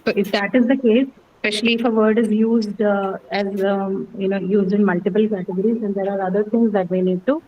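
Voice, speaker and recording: A woman's voice: medium pitch, level tone, brisk, dark tone, muffled recording, slight background noise. A woman teaching pronunciation in an online class, patient and step by step, repeating words and asking "okay?". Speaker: English teacher.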